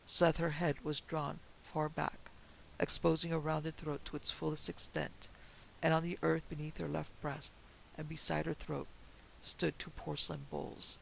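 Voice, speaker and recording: A woman narrating a classic horror story in a steady, measured storytelling manner. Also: deep voice, vocal fry, a little hiss or hum, rough recording.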